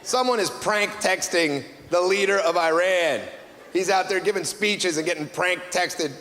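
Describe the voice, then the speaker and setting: High-voiced wry man doing stand-up. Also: a little slow, sharp tone. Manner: wry, exasperated storytelling. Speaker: stand-up comedian. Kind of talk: stand-up comedy routine. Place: stage in a club or hall. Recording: reverberant hall, noisy ambience.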